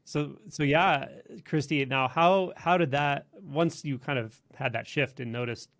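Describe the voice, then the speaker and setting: Man host asking gentle questions. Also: fairly high pitch, unhurried. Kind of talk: interview.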